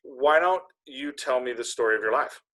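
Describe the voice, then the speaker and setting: A man's voice: mid-range voice, animated, normal speed, bright, forceful tone, poor audio. Man reading a gloomy cynical young guy. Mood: teasing. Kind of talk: casual script read-through.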